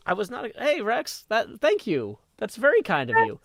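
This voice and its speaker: A man hosting a casual livestream, talking in a halting way full of ums and likes and cheerfully reading out viewer tips. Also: sits high, wildly swooping pitch, gravelly, fairly bright tone, no room sound. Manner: reads viewer tips aloud, upbeat. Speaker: livestream host.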